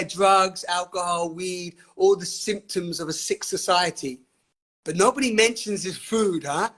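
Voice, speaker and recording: Man, husky high voice, animated and emphatic, live-stream talk, frequent laughter. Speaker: host of live online sessions. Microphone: webcam or phone on a live stream.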